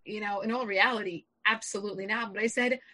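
Bright-voiced woman telling a lively story. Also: fast talker, poor audio. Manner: animated, jumps high when quoting herself. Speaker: public speaker. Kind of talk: personal storytelling.

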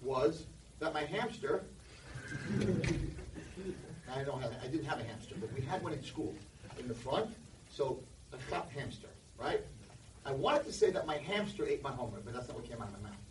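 A man's voice: mid-range voice, normal speed, long pauses, slight background noise. A man giving a humorous speech, telling a childhood story and acting out the characters. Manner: animated, acts out the characters. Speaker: speaker. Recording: roomy echo from far off.

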